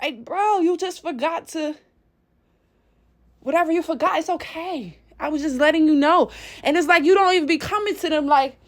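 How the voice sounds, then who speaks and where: Woman, high voice, casual vlog rant, blunt, swears freely, animated storyteller. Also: moderate pace. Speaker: vlogger.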